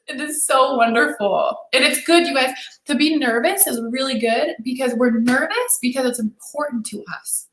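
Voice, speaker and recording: A woman's voice: a little high, brisk, fairly bright tone. Enthusiastic woman coach in an echoey room. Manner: enthusiastic, encouraging, reads viewer comments aloud. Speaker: dating and relationship coach. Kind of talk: live-stream Q&A chat.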